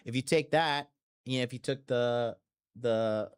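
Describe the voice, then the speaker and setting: A man's voice: mid-range voice, a little slow, clear, resonant tone. A man hosting a podcast in a blunt, profane, rambling monologue full of fillers and restarts. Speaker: podcast host. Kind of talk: casual monologue.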